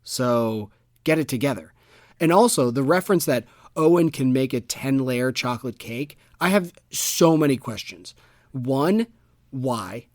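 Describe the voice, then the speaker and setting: A man's voice: medium pitch, animated, a little slow, no room sound, studio quality. A man co-hosting a book podcast in casual chat, ranting with exasperated sarcasm. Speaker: podcast co-host.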